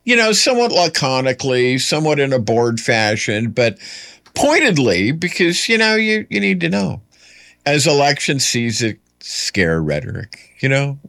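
A man's voice: mid-range voice, sing-song, normal speed, gravelly, sharp tone, no room sound. Male political commentary host, unscripted solo monologue, dry close sound, lots of "uh" and restarts, wry asides.

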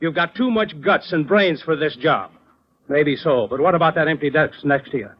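A stern, lecturing company boss with a fairly high voice, played by an actor, dry and sarcastic when pushed. The sound is dull and lo-fi, like an old radio broadcast. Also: male voice, moderate pace, breathy edge. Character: Mr. Evans, a gruff, principled male boss. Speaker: insurance company owner. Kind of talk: 1940s radio acting.

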